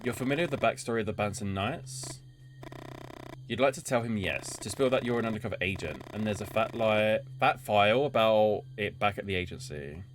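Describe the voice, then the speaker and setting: A man's voice: lowish voice, animated, fairly quick, noisy background. A man streaming a story game, reading its narration aloud and breaking off to chat and swear about what happens. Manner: reads narration evenly, then chats and swears in asides. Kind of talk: reading game text aloud with casual commentary. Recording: game music behind the voice.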